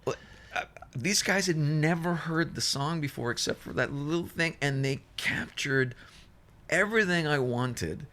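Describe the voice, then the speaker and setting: A man's voice: on the high side, a little slow, pushed and bright. A man, a musician guest, telling a long story in casual chat, rambling with restarts and fillers and acting out other people's lines. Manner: acts out other people's lines in shifted voices.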